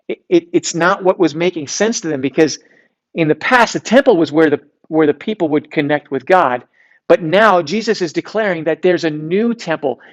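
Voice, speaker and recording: A man preaching to a youth group in a relaxed, conversational way, reading scripture aloud with frequent restarts. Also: a little high, muffled recording. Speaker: youth pastor. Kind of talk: sermon.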